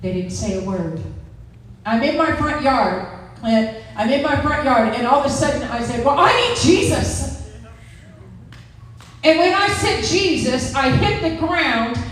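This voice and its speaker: High-voiced woman in her sixties, church testimony, emphatic storyteller, recorded from far off in a very echoey room with faint noise. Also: expressive, moderate pace. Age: 60s. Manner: emphatic storytelling, acting out quotes. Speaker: testimony speaker.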